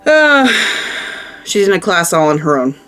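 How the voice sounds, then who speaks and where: A woman's voice: fairly low pitch, big pitch swings, a little slow, a bit bright, soft background music. A woman giving a casual tarot reading, chatty and emphatic, who often repeats her phrases. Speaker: tarot reader.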